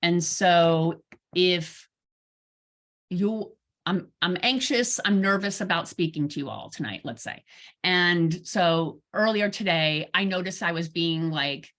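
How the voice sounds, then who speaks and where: A woman therapist giving an informal talk to an online audience, chatty and animated, acting out bits of dialogue with self-deprecating humor. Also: fairly low pitch, slow pace. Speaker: therapist and guest speaker.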